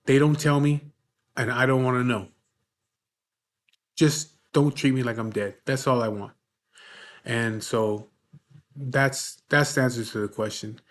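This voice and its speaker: A man in his forties talks straight to his camera, answering viewer questions in a plain, blunt way. He swears freely and keeps checking in with "you know what I mean". His voice sits at an ordinary middle pitch. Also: fairly even intonation, a little slow, pauses often. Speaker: vlogger.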